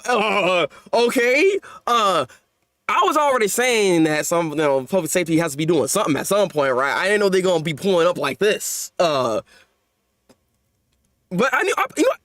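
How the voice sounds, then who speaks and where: A man giving a live reaction commentary on a manga chapter, slangy and animated, often stammering and repeating words. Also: high-pitched, normal speed, no room sound, studio quality.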